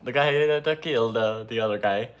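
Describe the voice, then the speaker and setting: A man's voice: moderate pace, highs cut off, lightly acted. A man voicing a mustached Italian video editor with a put-on Italian accent, rambling and defensive with many hesitations. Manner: loud, higher, rambling with many uhs.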